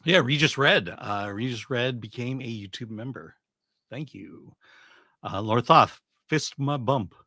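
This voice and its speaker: A man co-hosting a casual film chat, reading out viewer comments in a relaxed way. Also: mid-range voice, a little slow, no room sound, clean studio sound. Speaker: podcast co-host.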